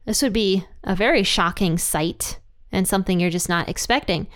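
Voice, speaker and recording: A woman's voice: medium pitch, moderate pace. A woman hosting a Bible study, explaining scripture in a chatty way with light laughs between points. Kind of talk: casual Bible teaching.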